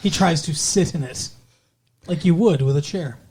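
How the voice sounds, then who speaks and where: A woman's voice: sits low, moderate pace, crowd noise. A woman co-hosting a podcast, recapping a TV episode in casual chat, sarcastic and teasing, swearing and laughing often. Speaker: podcast co-host.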